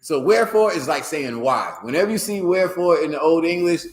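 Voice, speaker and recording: A man teaching a scripture class in a loose, slangy way, often jumping his voice high to show how a word should sound. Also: quick pace, roomy sound.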